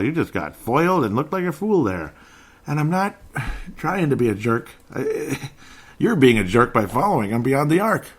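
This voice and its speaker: A man's voice: medium pitch, husky. A man hosting a solo sports podcast, ranting in exasperation about a basketball game, sarcastic and laughing at himself now and then.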